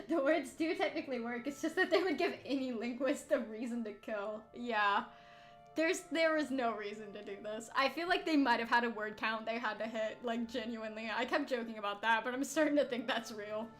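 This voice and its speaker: A woman's voice: a little high, brisk, fairly bright tone, faint music behind. A young woman streaming a game, giggly and exasperated, laughing through her casual commentary.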